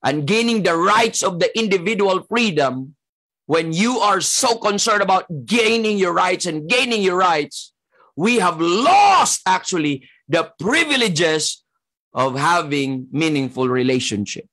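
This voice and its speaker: Slow, bright-voiced Filipino preacher man. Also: sits high, animated. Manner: emphatic, repetitive preaching punctuated by "Amen". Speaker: pastor. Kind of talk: sermon.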